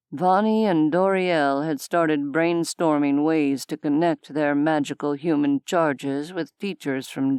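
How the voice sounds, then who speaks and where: A woman reads an audiobook in a low, unhurried voice, measured and even. Her tone is smooth and crisp, recorded close in a dry studio booth with no room sound. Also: dry recording. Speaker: audiobook narrator. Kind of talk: scripted narration.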